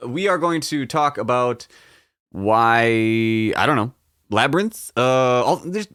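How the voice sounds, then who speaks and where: Lively rambling male podcast host. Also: mid-range voice, slow pace, no echo, studio quality. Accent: Midwestern American. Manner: rambling, joking, swearing, self-mocking. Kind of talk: casual solo podcast chat.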